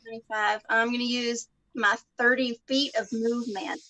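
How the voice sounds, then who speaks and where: A woman's voice: a little high, fairly even intonation, moderate pace, bright, forceful tone. A woman playing in a tabletop game over voice chat, giggling and laughing often as she speaks. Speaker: player. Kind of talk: casual tabletop play.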